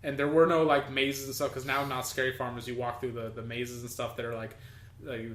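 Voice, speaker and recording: A man's voice: medium pitch, flat delivery, fairly quick, a bit bright, reverberant, slight background noise. A man co-hosting a podcast in casual chat, rambling with restarts and fillers. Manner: rambling, many restarts and fillers, laughs easily. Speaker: podcast co-host.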